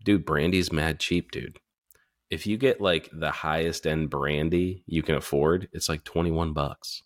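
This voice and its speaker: Low-voiced male co-host, casual and profane. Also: steady tone, measured pace. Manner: crude, laid-back banter, heavy swearing. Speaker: podcast co-host. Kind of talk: casual chat.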